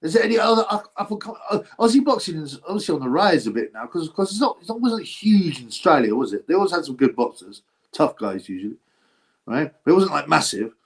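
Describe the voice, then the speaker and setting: Fast and sing-song with a fairly high pitch, this boxing channel host chats his way through a livestream, replying to viewer comments. He meanders and gossips, poses questions to himself, and restarts frequently.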